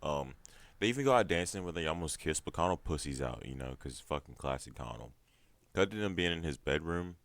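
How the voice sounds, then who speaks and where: A man's voice: very deep voice, animated, fairly quick, gravelly, a bit bright, no echo. A man casually recapping a TV series episode, profane and laughing often. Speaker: show recap vlogger.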